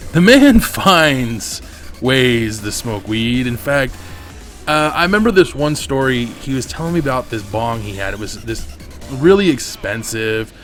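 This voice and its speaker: A man's voice: mid-range voice, a bit bright. A man hosting a gaming channel, telling a long personal story over his gameplay in a candid, swearing, rambling way, on a desk mic at home.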